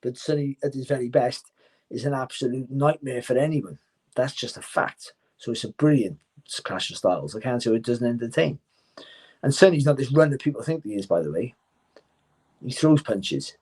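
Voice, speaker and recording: Male boxing pundit guest, mellow and husky, keen and talkative. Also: mid-range voice, expressive, normal speed. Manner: enthusiastic, rambling, repeats words as he talks. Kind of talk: casual interview chat.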